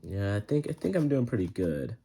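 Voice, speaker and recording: A young man with a somewhat low voice talks through a story's plot in a loose, rambling way, full of slang and fillers. He keeps breaking into quick put-on voices for the characters as he goes. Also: very animated, gravelly, warm tone. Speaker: book reviewer. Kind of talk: casual book summary.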